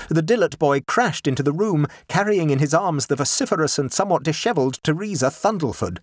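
A man narrating a classic short story in an expressive way. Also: breathy edge, no echo, clean studio sound. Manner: expressive, shifting pitch for dramatic beats.

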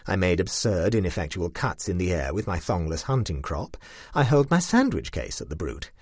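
A man reads a short story in a wry, dry tone, his husky, lowish voice swooping widely in pitch. The recording is close and dead, with no room sound. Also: sing-song, fairly quick, no echo. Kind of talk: audiobook reading of a short story.

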